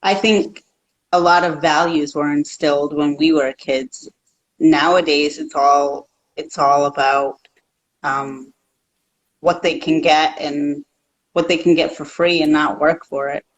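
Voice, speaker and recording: A woman's voice: low-pitched, steady tone, slow pace, poor audio. A woman guest in a casual chat, talking in a rambling way with many restarts.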